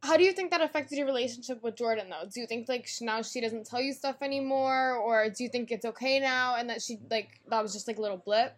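A woman with a high voice hosts a casual podcast. She asks gentle follow-up questions and answers her guest supportively. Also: fast, hardly any pauses. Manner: supportive, brief affirmations. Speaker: podcast host.

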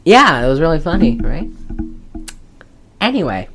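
A woman hosts a podcast and talks through a movie in a loose, joking way, swearing now and then. Her voice sits low but swings widely in pitch, and the talk is animated. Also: normal speed, music in the background, rough recording. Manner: animated, jokey, swearing, breaks into laughs. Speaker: podcast host. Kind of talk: casual movie-review chat.

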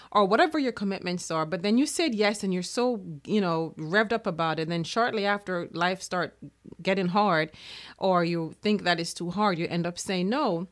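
A woman's voice: mid-range voice, normal speed. Earnest woman giving a motivational talk. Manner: earnest, acts out inner-voice quotes. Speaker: motivational speaker.

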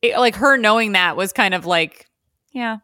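A young adult woman co-hosting a podcast, chatting casually with lots of fillers and quick impressions of people. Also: mid-range voice, sharp tone, no echo, studio quality. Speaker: podcast co-host. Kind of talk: casual chat.

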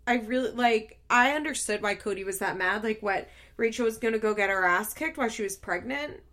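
A woman telling a story in a casual, chatty way, animated and quick to laugh, full of filler words. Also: a little high. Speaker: show recapper.

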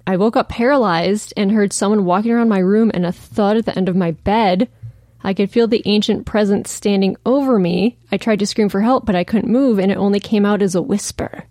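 Woman, podcast co-host, reading an email aloud, casual, animated, mid pitch, dry close sound. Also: brisk, dry recording.

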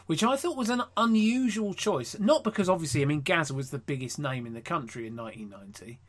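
A sardonic man riffing in a casual comedy review chat, his pitch bouncing in an animated way. He swears freely and laughs often. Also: quick pace. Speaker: podcast co-host.

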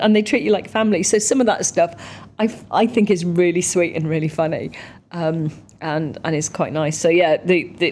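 A woman from the UK, a guest in a conversational interview, chatty and lively when telling stories. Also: fairly low pitch, slightly rough. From United Kingdom. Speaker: interview guest, parliamentarian and ex-athlete.

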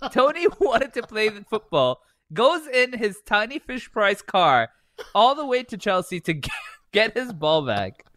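A man's voice: sits high, big pitch swings, a little slow, sharp tone, no room sound, studio quality. A man co-hosting a podcast, chatting casually and reading aloud while laughing through his lines and swearing. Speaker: podcast co-host.

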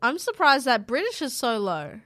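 A woman's voice: high voice, huge pitch swings, moderate pace, pushed and bright, no room sound, studio quality. A young woman, co-hosting a podcast in casual, giggly chat full of "like". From Australia. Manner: chatty, giggly, lots of "like" fillers. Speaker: podcast co-host.

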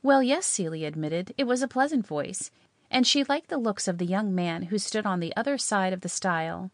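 A woman narrating a story in a measured, expressive way. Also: medium pitch, dry recording, studio quality.

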